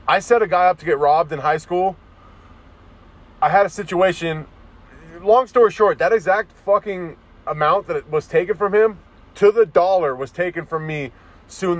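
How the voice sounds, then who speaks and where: A man ranting straight to camera, swearing freely and rambling from one grievance to the next. His voice sits a little high for a man, and he keeps tripping over restarts. It sounds like a loose vlog recorded in a vehicle. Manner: profane, rambling, restarts often. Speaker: vlogger. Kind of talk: casual ranting monologue.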